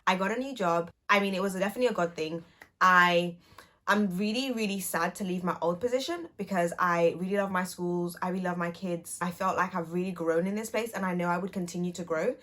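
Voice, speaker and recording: A woman's voice: mid-range voice, fairly quick, sharp tone. A woman in her twenties talking to camera in a casual vlog catch-up, chatty and playful, teasing herself as she goes. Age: 20s. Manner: chatty, playful and self-teasing, with light laughs. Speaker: YouTuber and speech and language therapist.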